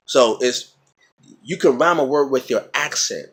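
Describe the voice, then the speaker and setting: Man, mid-pitched, husky, teacherly vlog explainer who repeats examples. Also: unhurried, a bit bright. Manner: teacherly, repeats words and checks in with "okay?". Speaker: vlogger explaining battle rap. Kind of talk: casual explanatory talk.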